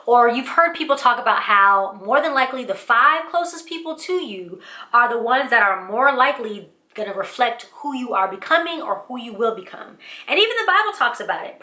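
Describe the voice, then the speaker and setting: A woman's voice: fairly high pitch, pushed and bright. A woman hosting a motivational vlog, talking in an earnest, upbeat, casual way about faith and friendship. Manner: earnest, upbeat, uses Southern-US slang like y'all. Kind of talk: casual faith-based encouragement talk. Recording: echoey room.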